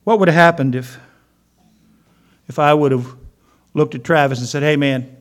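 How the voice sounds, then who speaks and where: A male pastor delivers a sermon in a voice pitched a little high. He tells stories and briefly acts out the voices of the people in them. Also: moderate pace. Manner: storytelling, acting out quoted voices.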